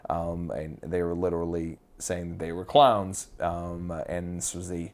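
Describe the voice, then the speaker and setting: A man with a fairly low voice, co-hosting a casual podcast. He rambles through his stories with plenty of "um"s and restarts. He swears freely and keeps a loose, offhand tone. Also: fairly even intonation, a little slow, a little mellow. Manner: rambling, with frequent fillers and restarts. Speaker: podcast co-host.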